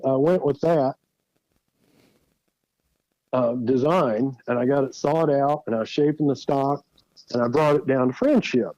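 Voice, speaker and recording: A man's voice: mid-range voice, warm tone, dry recording, muffled recording. A man telling folksy stories as a guest, easygoing and chuckling through his anecdotes. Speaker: guest, rifle builder. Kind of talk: anecdotal storytelling.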